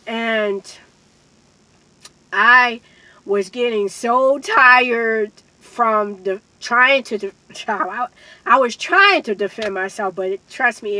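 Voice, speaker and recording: In this emotional storytime monologue, a woman vlogger, an adult with a child, earnestly shares a personal story and addresses her viewers directly. Her mid-range voice is bright and forceful, and she speaks emphatically, though the audio quality is poor.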